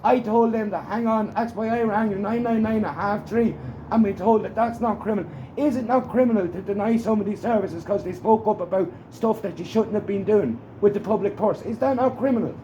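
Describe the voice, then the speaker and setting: A man's voice: sits high, fairly quick, warm tone, echoey room, lo-fi sound, slight background noise. A man with an Irish accent, making an agitated, insistent complaint and repeating his demands. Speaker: complainant at a police station. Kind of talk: heated confrontation, filmed.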